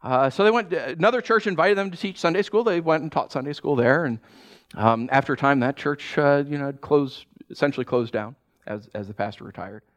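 A man's voice: on the high side, brisk. A pastor preaching a sermon, talking animatedly and acting out the people he quotes. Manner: animated, acts out quoted voices.

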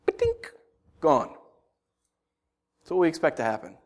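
A man in his thirties preaches to his congregation, his voice sitting high for a man. He tells stories animatedly, firing rhetorical questions and breaking into sudden shouts. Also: lively intonation, normal speed. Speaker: pastor. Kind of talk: sermon.

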